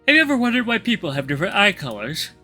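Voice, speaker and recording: A man voicing a young male wolf grandmaster who lectures in a calm, monotone way. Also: sits high, very fast, soft background music, pitched above the performer's own voice, heavily acted. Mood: lecturing.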